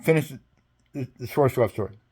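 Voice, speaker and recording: A man's voice: mid-range voice, moderate pace, slightly rough. An older man, an interview guest, telling a rambling story with frequent laughs and acted-out dialogue. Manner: animated, laughs often, acts out both sides of dialogue.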